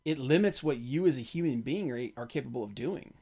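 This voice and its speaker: A man hosting a podcast, talking about tabletop games in a halting, low-key way. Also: expressive, mellow. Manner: halting, many fillers and restarts, low-key. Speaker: podcast host.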